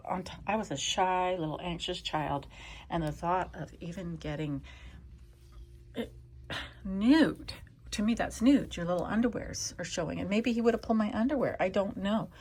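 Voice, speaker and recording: An older woman from Canada telling rambling stories to her cat at home, often sliding into a soft whisper. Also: lowish voice, moderate pace, breathy edge. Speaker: vlogger talking to her cat. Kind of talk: casual storytelling to a pet.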